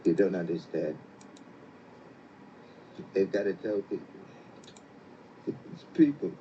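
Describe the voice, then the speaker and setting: An actor playing a desperate man who insistently shouts a warning, heard as a played film clip. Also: low-pitched, expressive, slow, lo-fi sound, a little hiss or hum. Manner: insistent, urgent.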